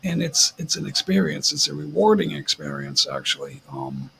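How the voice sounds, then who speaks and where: A middle-aged man hosts a casual livestream chat, telling animated stories and laughing often. His voice sits high for a man, with a gravelly, husky edge. His pitch swings widely as he talks. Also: moderate pace. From United States. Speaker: livestream host.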